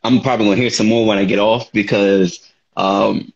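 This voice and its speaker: Relaxed man, dull lo-fi audio. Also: lowish voice, brisk, vocal fry, breathy edge. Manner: relaxed, rambling, slangy. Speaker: podcast co-host. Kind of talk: casual podcast chat.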